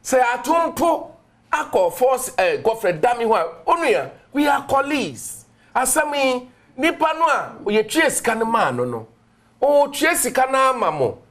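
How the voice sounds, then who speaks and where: A man with a Ghanaian accent, a member of parliament on a political panel, arguing forcefully and challenging his opponent. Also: unhurried. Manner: forceful, challenging, lively pitch. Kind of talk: heated political debate.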